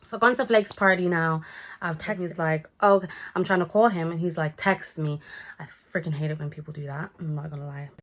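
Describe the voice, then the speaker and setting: A young woman tells a story for her vlog in a casual, chatty way. She slips into other people's voices as she goes, and her speaking voice sits fairly low. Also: a little fast. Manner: animated, acts out quoted lines, swears casually. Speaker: storytime vlogger.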